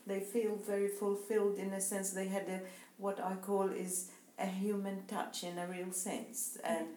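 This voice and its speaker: A woman's voice: lowish voice, warm tone. A woman co-hosting a casual chat, telling reflective anecdotes and laughing easily. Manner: reflective, chatty storyteller who laughs easily. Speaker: co-host. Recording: roomy echo.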